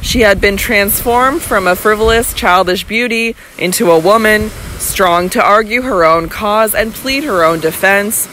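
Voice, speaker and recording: A woman narrating a classic novel in a measured, even storytelling manner. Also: medium pitch, slight background noise, rough recording. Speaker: audiobook narrator.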